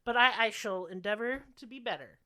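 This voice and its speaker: A woman co-hosting a podcast in loose, casual chat. She talks in a sassy, profane, self-mocking way. Her voice sits a little high. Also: a little fast, sharp tone. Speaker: podcast co-host.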